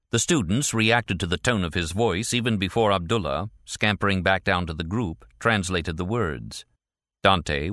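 A man narrating a thriller audiobook in a measured, even storytelling manner. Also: deep voice, no room sound, studio quality. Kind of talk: scripted narration.

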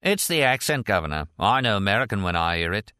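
A man's voice: lowish voice, very animated, fast, pushed and bright, smooth, dry recording, clean studio sound. A man voicing a chatty taxi driver with a teasing, familiar manner.

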